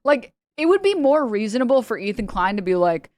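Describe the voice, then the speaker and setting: A woman's voice: on the high side, sing-song, fairly quick, a little mellow, no room sound, studio quality. A woman livestreamer chatting casually to her chat, rambling and swearing, often laughing and mocking her critics.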